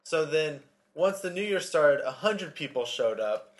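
A man's voice: a little high, expressive, measured pace. Dry sarcastic male podcast co-host. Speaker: podcast co-host, personal trainer. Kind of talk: casual chat.

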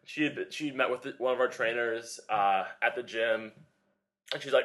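A man's voice: mid-range voice, normal speed, fairly bright tone. Young male trainer co-hosting a podcast, loose rambling explainer, mid-range voice. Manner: rambling, filler-heavy explaining. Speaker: podcast co-host, personal trainer. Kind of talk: casual chat.

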